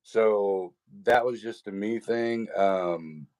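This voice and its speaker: A man's voice: on the low side, takes it slowly, a little mellow, no room sound. A man, hosting a casual livestream chat over a video call, rambling with fillers and restarts. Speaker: stream host.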